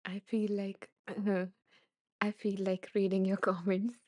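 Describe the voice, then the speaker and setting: A woman hosting a live stream speaks softly and slowly, moved close to tears as she reads viewers' comments. Her pitch stays flat and even, and the close mic sounds dry with no room around it. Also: dry recording. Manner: tearful, laughing, soft and halting. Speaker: live session host. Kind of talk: emotional live-stream chat.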